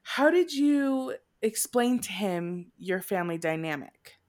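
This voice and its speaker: A woman's voice: medium pitch, animated, unhurried, darkish tone. A woman hosting an interview, asking friendly, teasing questions. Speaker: host. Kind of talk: casual interview chat.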